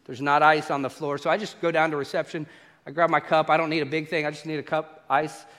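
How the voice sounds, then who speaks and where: Bright, high-voiced pastor. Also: male voice, fast. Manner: animated storyteller, acts out exchanges. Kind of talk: sermon with humorous travel stories. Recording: echoey hall reverb.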